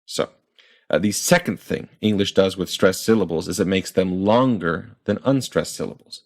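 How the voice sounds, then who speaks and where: A man explaining pronunciation in a clear, methodical lesson and sounding out example words. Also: low-pitched, moderate pace. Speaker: language teacher.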